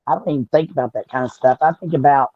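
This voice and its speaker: A woman's voice: extremely low pitch, quick pace, no room sound, highs cut off. A woman from Southern Indiana with a Southern US accent, co-hosting a casual talk show with chatty, folksy storytelling. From Southern Indiana, USA. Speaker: podcast co-host. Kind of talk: casual chat.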